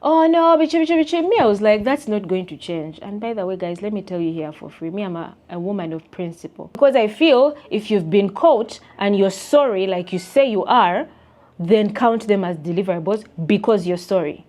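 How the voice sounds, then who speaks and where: A woman's voice: medium pitch, moderate pace. A young woman with a Ugandan accent, ranting to her viewers in an emphatic, indignant, chatty way. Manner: emphatic, indignant, animated with voiced quotes. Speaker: vlogger and content creator. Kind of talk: casual rant to camera.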